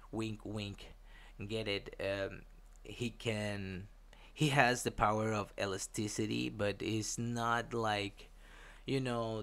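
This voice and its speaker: Slow, low-voiced man venting casually. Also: a bit bright. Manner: profane, rambling, many fillers and restarts; frustrated, venting. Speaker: comic creator. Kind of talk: casual rambling vlog.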